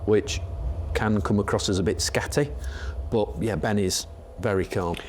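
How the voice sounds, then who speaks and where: British host guy, kinda low voice, excitable and chatty, bit of faint room noise behind. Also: moderate pace. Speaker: podcast host. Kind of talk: casual interview.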